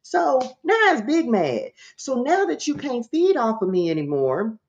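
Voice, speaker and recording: Animated woman telling a story on a livestream. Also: on the high side, measured pace, lo-fi sound. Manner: animated storytelling, addresses viewers directly. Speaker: spiritual coach and livestream host. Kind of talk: livestream testimony to viewers.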